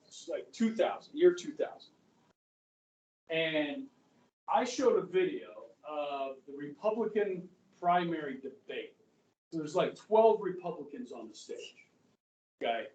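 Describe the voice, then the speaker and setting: A man's voice: a little high, big pitch swings, unhurried, a little mellow. A male history teacher giving a chatty, rambling classroom lecture and often checking in with students. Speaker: high school history teacher. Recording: echoey classroom from far off.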